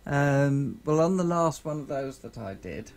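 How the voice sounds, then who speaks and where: A man streaming a space survival game, talking casually in a halting, rambling way full of fillers and restarts. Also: medium pitch, lively intonation, vocal fry. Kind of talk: casual gameplay chat. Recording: noisy game sound behind the voice.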